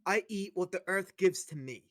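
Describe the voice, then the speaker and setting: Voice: medium pitch, moderate pace, no room sound, clean studio sound, lightly acted. Someone doing a pompous celebrity chef. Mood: indignant. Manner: pompous and demanding, boasting of awards. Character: arrogant, pushy celebrity chef man.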